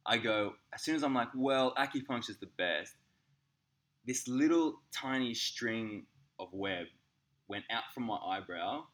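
An Australian man, an acupuncturist, telling a funny story in casual podcast chat, animated and laughing as he acts out the people in it. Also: fairly low pitch. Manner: animated, laughing, swearing, acts out voices in anecdotes.

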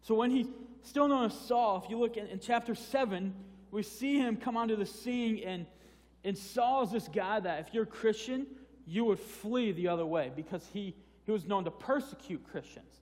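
A man's voice: high-pitched, moderate pace, darkish tone. A man preaching a sermon in a casual, conversational way, often restarting phrases and repeating words. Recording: long hall reverb.

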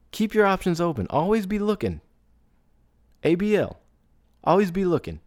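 A man's voice: fairly high pitch, a little mellow, no echo, studio quality. A man hosting a podcast who talks casually, often asking "right?" and laughing as he goes. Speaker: podcast host. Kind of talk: casual solo podcast talk.

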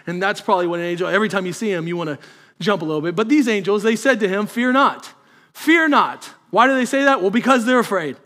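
A man's voice: sits high, racing, a bit bright. A man, a pastor preaching a sermon in a conversational way that builds to emphatic peaks.

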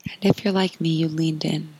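Soft-spoken woman doing a reflective podcast talk, super breathy, kinda low voice. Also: fairly even intonation, no room sound, poor audio. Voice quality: breathy, often whispered delivery. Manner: slow, soft and earnest. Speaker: podcast host. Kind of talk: reflective spiritual monologue.

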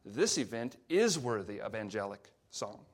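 A man's voice: lowish voice, sing-song. A man, a pastor, preaching a sermon and explaining scripture with frequent fillers and restarts. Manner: reads scripture aloud slowly.

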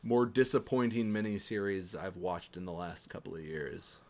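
Male podcast co-host, relaxed quizmaster, casual and chatty. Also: low-pitched, normal speed. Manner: relaxed, chatty, with frequent fillers and laughs. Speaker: podcast co-host running a quiz.

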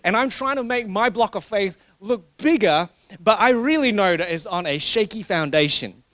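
A man's voice: high-pitched, animated, normal speed, fairly bright tone. A man preaching a sermon in a conversational, joking way, often restarting his sentences. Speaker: pastor.

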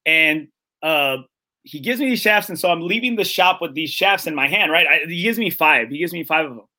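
A man's voice: fairly high pitch, animated, a little fast, sharp tone. A man hosting a casual chat, telling a story with many fillers, acting out the quoted lines and often checking in with "right?". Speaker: podcast host.

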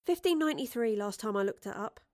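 A woman voicing a cheeky, lively young woman in an audiobook. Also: a little high, fast, no echo, clean studio sound, natural voice.

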